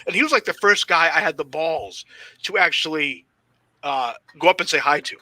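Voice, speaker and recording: A man with a very bright, forward voice tells loose, swear-filled stories from his wrestling career. His pitch sits slightly high, and the sound is close and dry with no room around it. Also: animated, normal speed, dry recording. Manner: heavy swearing, rambling anecdotes; self-described shy and socially awkward. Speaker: guest, pro wrestler. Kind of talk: casual storytelling interview.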